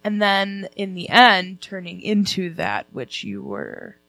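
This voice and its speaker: A woman's voice: mid-range voice, very animated, slow, pushed and bright, no echo. Woman chatting, dry close sound. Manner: hesitant, lots of fillers and restarts. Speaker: book club member. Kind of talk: casual book discussion.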